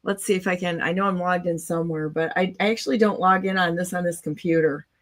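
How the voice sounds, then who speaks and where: A woman's voice: fairly low pitch, fairly even intonation, quick pace. A woman hosts a casual online talk show. She talks in a blunt, cynical way and rambles from one point to the next, and she comes through over a video call. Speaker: show host.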